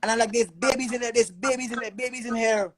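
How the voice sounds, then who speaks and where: A man's voice: very high-pitched, fast, poor audio. A man telling his own story as a father in an emotional testimony, urgent and repeating words in long stammering runs.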